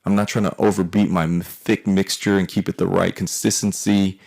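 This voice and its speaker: Man in his forties, very low gravelly voice, swears freely while telling a rambling family story. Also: little pitch movement, a little fast, a little mellow. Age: 40s. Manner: profane, rambling, wry. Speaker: artist telling a personal story. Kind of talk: casual storytelling monologue.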